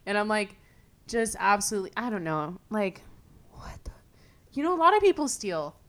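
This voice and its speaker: A young woman from California hosts a casual podcast chat. She tells stories in an animated, filler-heavy way and swears freely. Her voice sits at an ordinary middle pitch. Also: normal speed. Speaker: podcast host.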